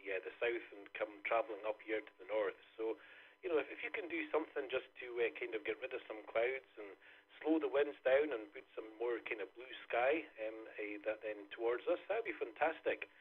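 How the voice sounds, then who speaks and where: Casting: Scottish man, husky, careful and unhurried, heard through a thin radio channel. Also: medium pitch. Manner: deliberately slowed, careful delivery. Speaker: amateur radio operator checking in. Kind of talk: casual radio chat. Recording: tinny radio transmission.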